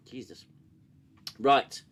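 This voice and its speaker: The host draws out his words in a slightly bright voice. During his live-stream commentary on a TV show, he is sarcastic and swears, reading chat and mocking scenes until coughing fits interrupt.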